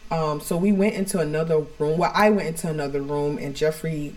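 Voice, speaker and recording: A woman with a low voice tells a personal story at home for a podcast. She talks frankly and rambles, filling her sentences with "like" and "you know". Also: a little fast, darkish tone. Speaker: podcast co-host.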